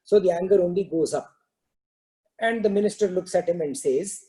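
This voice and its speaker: A man telling a parable during a spiritual talk, in a relaxed storytelling manner with many "you know" fillers. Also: sits high, normal speed, low-quality recording. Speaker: spiritual discourse teacher.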